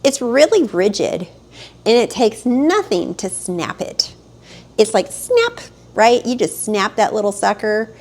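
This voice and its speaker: A woman's voice: medium pitch, sing-song, measured pace, darkish tone. A woman coaching her audience on acceptance in a motivational monologue. She talks animatedly to the camera on a close mic and builds to emphatic outbursts. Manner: acts out panicked inner voices. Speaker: spiritual life coach.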